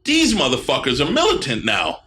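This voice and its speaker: A man rants on a podcast, heated and profane, his voice bright and forceful. He talks in casual, run-on bursts. Faint room noise sits under the recording. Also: medium pitch, huge pitch swings, brisk. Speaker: podcast co-host. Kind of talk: ranting casual chat.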